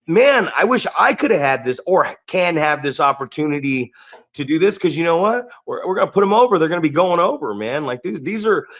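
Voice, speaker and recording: Male podcast co-host, slightly high voice, blunt and profane, casual chat. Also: a bit bright. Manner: blunt and profane, acting out quoted people. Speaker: podcast co-host and wrestling trainer.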